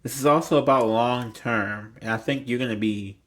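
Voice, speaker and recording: A man's voice: medium pitch, moderate pace, fairly bright tone. A young man giving a casual tarot reading, rambling and blunt, swearing freely and filling his talk with "like". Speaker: tarot reader.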